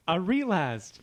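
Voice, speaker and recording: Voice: mid-range voice, slight background noise, heavily acted. A performer voicing a blunt, melodramatic small-town woman who sells tires in an improvised comedy.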